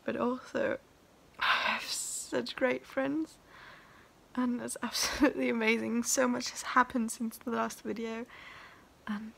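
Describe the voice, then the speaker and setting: Slow-talking young woman, gravelly and tearful. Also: a little high, little pitch movement. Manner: tearful, laughing, overwhelmed and breathless. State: crying. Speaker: singer-songwriter vlogging her first song. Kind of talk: emotional personal vlog.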